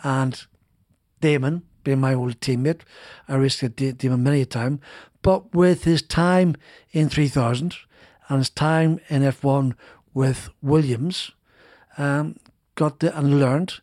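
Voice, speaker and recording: A man's voice: medium pitch, fairly even intonation, slow pace, a little mellow. A middle-aged British man tells his racing stories in a loose, rambling way, with many restarts. He acts out the people he quotes. The sound is dry and close, with no room echo. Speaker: former racing driver guest. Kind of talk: podcast interview, anecdotal storytelling.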